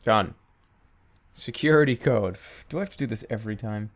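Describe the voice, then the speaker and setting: A man's voice: lowish voice, moderate pace. A man giving sarcastic, exasperated let's play commentary, swearing and laughing at a glitchy game. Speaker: gaming commentator.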